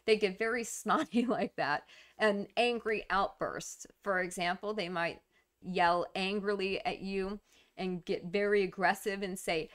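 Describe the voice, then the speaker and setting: A woman's voice: lowish voice, fairly even intonation, unhurried, clear, resonant tone. A woman casually explaining a topic to camera in a conversational way, with fillers, restarts and small laughs. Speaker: YouTube commentator on narcissism.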